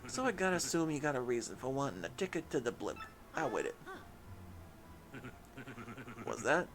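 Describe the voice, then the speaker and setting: A man's voice: medium pitch, sing-song, moderate pace. A man voicing a menacing male mafia boss with a mock New York gangster accent and a drawling tough-guy manner, with faint background noise. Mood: scheming.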